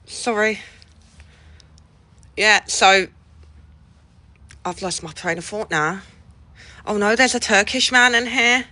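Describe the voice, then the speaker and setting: A woman's voice: a little high, unhurried, pauses often, bright, forceful tone, no echo. A woman chatting casually with viewers on a livestream. She laughs often and swears casually. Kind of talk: casual chat with live viewers.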